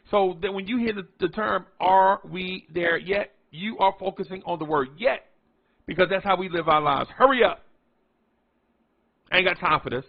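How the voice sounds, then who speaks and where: A man's voice: high voice, vocal fry, slightly rough, highs cut off. A man from the New area, chatting casually about his basketball team, repeating himself and stretching out key words for emphasis. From New York tri-state area. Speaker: sports fan vlogger. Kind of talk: casual sports commentary.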